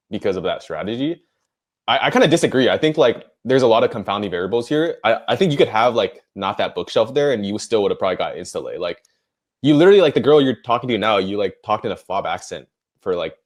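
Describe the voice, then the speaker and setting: A man's voice: on the low side, lively intonation, quick pace. A young man, co-hosting a casual debate podcast and rambling with many fillers and restarts. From United States. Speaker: podcast co-host.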